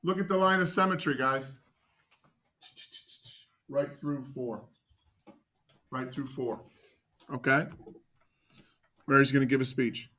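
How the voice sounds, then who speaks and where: A man teaching a math class, joking with students and quizzing them with quick questions. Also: medium pitch, fairly even intonation, bright, forceful tone.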